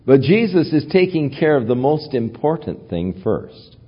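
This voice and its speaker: A man preaching a sermon as pastor, teaching from the Bible in a measured way. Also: medium pitch, sing-song, breathy edge. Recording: dull lo-fi recording.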